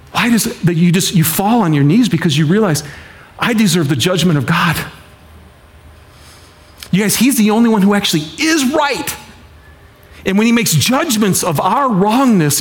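A man preaching a sermon with passion, repeating phrases and acting out the voices of people and God, swinging from loud pleading to hushed intensity. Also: on the high side. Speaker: pastor.

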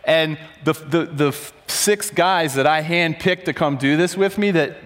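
A man preaching a sermon to a room, telling a story with animated, loud acted-out bursts. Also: on the high side, unhurried. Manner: animated, acts out quotes with sudden loud bursts. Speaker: pastor. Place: large room before an audience.

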